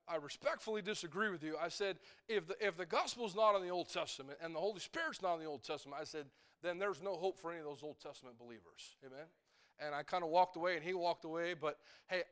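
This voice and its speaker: A middle-aged man preaching in church, fervent and insistent, often calling out to the congregation for an amen. His voice sits a little higher than most men's. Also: a bit bright. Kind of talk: sermon.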